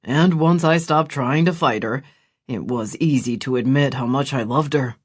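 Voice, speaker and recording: A man voicing Gideon, an earnest ex-soldier older brother, in a quiet, measured audiobook reading. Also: medium pitch, slightly rough, lightly acted. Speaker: audiobook character voice.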